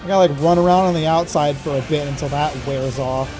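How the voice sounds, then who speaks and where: A man's voice: fairly high pitch, fast talker, music in the background. A male game streamer giving live gameplay commentary, swearing and ranting in frustration.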